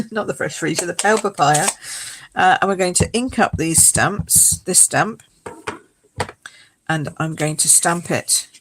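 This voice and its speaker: A croaky woman with a gravelly edge talks viewers through a card-stamping technique. She is chatty and unhurried, explaining each step with easy fillers. A soft hiss sits faintly under her voice. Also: fairly low pitch. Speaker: card-making host. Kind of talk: live craft demonstration.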